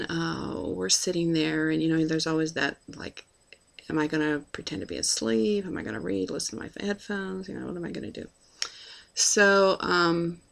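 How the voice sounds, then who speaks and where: A woman's voice: fairly low pitch, creaky. A woman casually telling a personal travel story, chatty and full of fillers as she acts out bits of dialogue.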